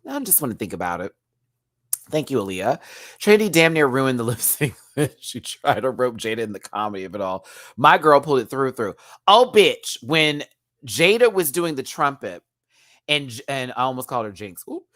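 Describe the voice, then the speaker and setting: Male host, expressive and slangy, wide swings in pitch, dry close-miked sound. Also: normal speed, no echo. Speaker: show host. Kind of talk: live episode review.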